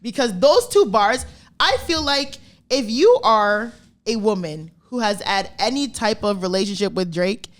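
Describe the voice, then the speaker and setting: A woman's voice: mid-range voice, lively intonation, unhurried. A woman co-hosting a podcast, telling stories animatedly and acting out quoted dialogue in casual, profane chat. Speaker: podcast co-host.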